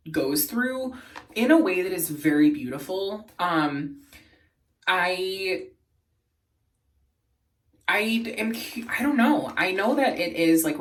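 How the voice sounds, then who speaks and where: A man vlogging in a casual, earnest and emotional way, laughing softly as he talks. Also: on the high side, distant mic. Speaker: beauty and lifestyle vlogger. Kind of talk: casual chat.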